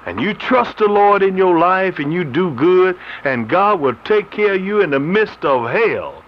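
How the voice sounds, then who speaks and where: A man's voice: high voice, animated, unhurried. A man preaching a radio sermon, laughing often as he reads and explains scripture. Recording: slightly muffled radio broadcast with faint noise.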